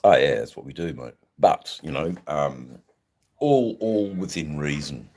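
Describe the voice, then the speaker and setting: A man's voice: a bass voice, animated, measured pace, darkish tone. An older man with an Australian accent, chatting casually and rambling on a livestream, reading out and answering viewers' comments. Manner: laid-back, rambling with many fillers. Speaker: livestream host answering chat. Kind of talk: casual live chat.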